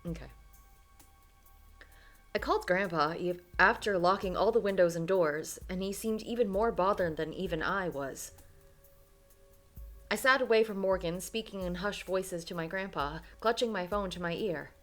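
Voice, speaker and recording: A woman's voice: mid-range voice, normal speed, faint music behind. A young woman reading a story game aloud, breaking off for chatty asides full of fillers. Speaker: game streamer.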